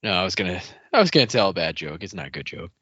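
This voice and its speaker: A man's voice: low voice, very animated, racing, fairly bright tone, slightly rough, dry recording. A man co-hosting a casual book discussion podcast, joking and playful. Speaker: podcast co-host. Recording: dry, slightly muffled podcast audio.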